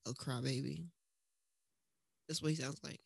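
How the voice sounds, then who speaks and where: A woman co-hosting a casual podcast, talking in an animated, rambling way with teasing and swearing. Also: very deep voice, moderate pace, creaky, slightly rough, no room sound, studio quality. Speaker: podcast co-host. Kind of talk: casual chat. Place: at home in another city from her co-host.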